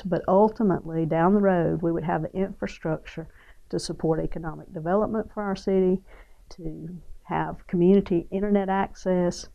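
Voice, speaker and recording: Woman, school leader, dark gravelly tone, measured delivery, muffled audio. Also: lowish voice. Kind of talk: documentary interview.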